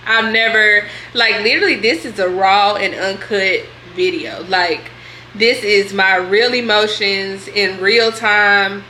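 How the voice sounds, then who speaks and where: A woman's voice: medium pitch, fairly even intonation, slow, pushed and bright, reverberant, slight background noise. A young woman vlogging a candid question-and-answer session, chatty and slangy. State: tearful at times. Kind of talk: candid vlog Q&A.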